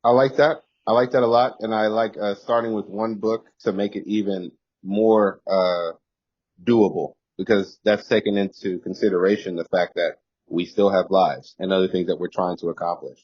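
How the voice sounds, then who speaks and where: A man's voice: fairly low pitch, fairly even intonation, moderate pace, no echo. A man in casual planning talk with a business partner, agreeable and upbeat, thinking aloud, heard over a video call. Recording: dry, dull call audio.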